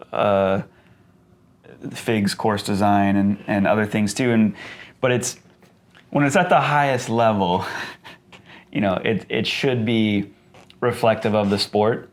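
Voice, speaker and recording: Male podcast co-host, fairly low voice, thoughtful and rambling casual chat.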